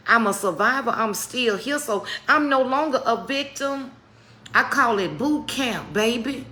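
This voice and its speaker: A woman's voice: fairly high pitch, pushed and bright. A middle-aged woman giving a motivational faith talk on a live stream, preacherly and calling her viewers "baby". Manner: preacherly, calls viewers "baby", greets chat by name.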